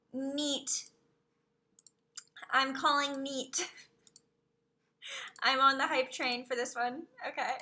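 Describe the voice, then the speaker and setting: A woman streamer chatting casually on a live stream, gushing over what she sees and dropping into soft whispered asides. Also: high-pitched.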